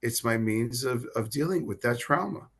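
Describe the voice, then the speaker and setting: A middle-aged man speaks as an interview guest in a bright, somewhat tense voice. He talks haltingly, stammering and repeating words, and his voice softens as he speaks of hard feelings. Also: medium pitch, animated, breathy edge. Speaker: rabbi, guest. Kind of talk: emotional interview conversation.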